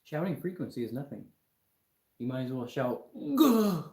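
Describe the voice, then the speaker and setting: A young man lectures his live-stream chat in an argumentative, mocking way. His voice is mellow and dark in tone. It sounds like a room with a lot of echo. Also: medium pitch, expressive, a little fast. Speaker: livestream host.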